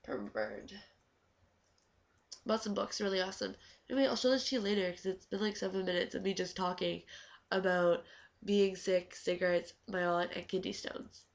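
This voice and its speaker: A woman's voice: medium pitch, expressive, moderate pace, gravelly. A teenage girl chatting casually in a vlog, full of "like" fillers and acted-out quotes. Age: teens. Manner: chatty, lots of "like", acts out quoted talk. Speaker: vlogger. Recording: dull lo-fi webcam audio.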